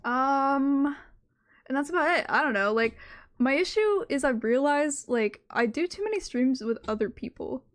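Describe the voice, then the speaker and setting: A young adult woman streams from her own room at home, chatting casually in a high-pitched, expressive voice at a moderate pace. She rambles, cuts herself off, and uses "like" in nearly every sentence.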